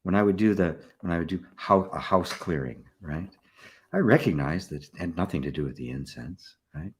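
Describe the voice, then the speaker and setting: An older man, a spiritual teacher, giving a relaxed satsang talk, often checking in with "right?" and soft laughs. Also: deep voice, moderate pace. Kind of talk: satsang talk, answering questions.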